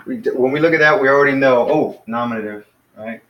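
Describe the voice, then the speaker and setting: Male teacher, casual classroom lesson, patient, slows down on key words; roomy sound, mic set back. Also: medium pitch, lo-fi sound. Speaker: Greek teacher. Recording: echoey room, mic far off.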